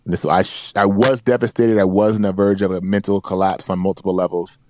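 A man's voice: low-pitched, fairly even intonation, brisk, darkish tone, dry recording. A man in his forties, a podcast guest, telling a personal story in an earnest, emphatic way with repeated phrases. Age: 40s. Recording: dry, dull lo-fi sound.

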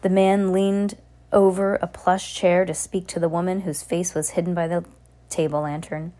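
A woman narrating an audiobook in a steady reading voice with small restarts. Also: on the low side, moderate pace.

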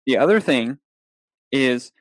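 A man in casual conversation, telling a story with lively acted-out quotes and frequent laughter. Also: mid-range voice, takes it slowly, no echo. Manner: animated storyteller acting out quotes, laughing often. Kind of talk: casual chat.

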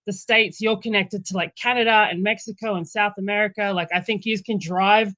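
An Australian woman talks as a guest on a podcast, bubbly and rambling. Her voice sits at a middle pitch and sounds dry and close, with no room around it. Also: steady tone, fairly quick, fairly bright tone, no room sound. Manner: bubbly, rambling, says "yous". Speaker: podcast guest, birth worker. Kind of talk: casual podcast chat. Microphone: remote call recording.

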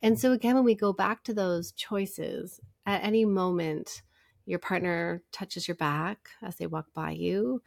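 A middle-aged woman psychologist, a podcast guest, telling stories in a warm conversational way and acting out bits of dialogue. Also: on the low side, measured pace, creaky, dry recording, studio quality. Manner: animated storyteller, acts out dialogue.

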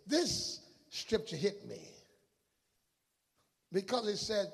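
A man preaching a fervent sermon in a church, swinging between hushed murmurs and shouted, repeated questions. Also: a little high, sing-song, a little slow, gravelly, long pauses, long reverb tail. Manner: fervent, repetitive preaching cadence. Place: church sanctuary.

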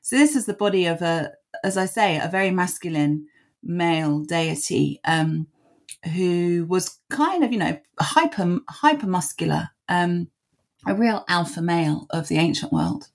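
Low-voiced woman scholar explaining. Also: expressive, a little slow. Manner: thoughtful, many ums, laughs at herself. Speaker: author and scholar, guest. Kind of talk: interview answer, explaining at length.

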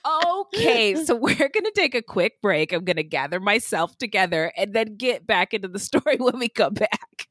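A woman's voice: medium pitch, normal speed, hardly any pauses, dry recording, clean studio sound. A woman co-hosting a podcast in casual chat, laughing often and singing playful jingles. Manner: giggly, animated, sings playful jingles. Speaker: podcast co-host.

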